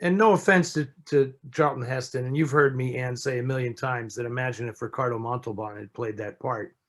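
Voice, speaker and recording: A man answering listener questions as a film expert in a relaxed, conversational way, often restarting and saying "you know". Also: medium pitch, fairly quick. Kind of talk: casual chat.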